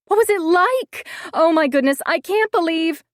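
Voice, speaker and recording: A woman voicing an excitable, gossiping young woman friend who shrieks with delight in an audiobook. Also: very high-pitched, normal speed, no echo, studio quality, pitched above the performer's own voice. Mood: excited.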